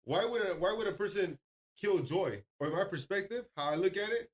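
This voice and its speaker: A man with a high voice banters on a podcast, loose and profane. He tells stories in slang with an easy, conversational flow. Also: lively intonation, fairly quick. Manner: slangy, swearing,喜 喜 喜. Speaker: podcast co-host. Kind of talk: casual chat.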